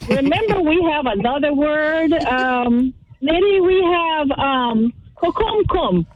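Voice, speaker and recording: A woman calling in to a radio show, explaining her view in a measured way. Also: high voice, animated. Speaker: caller. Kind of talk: phone-in chat. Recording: tinny phone line.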